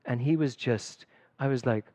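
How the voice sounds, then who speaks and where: A middle-aged man, a spiritual director, giving a conversational sermon at a church service, telling personal stories with lively emphasis. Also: mid-range voice, moderate pace, no echo. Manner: animated and personal, storytelling with emphatic swings.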